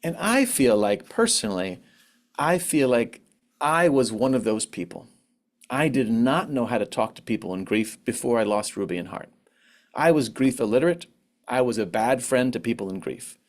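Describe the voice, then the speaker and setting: A man's voice: lively intonation, normal speed. Candid man reflecting on grief. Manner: candid, reflective, acts out quotes in a higher voice. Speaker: conference speaker on grief. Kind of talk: personal talk on grief. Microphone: online presentation mic.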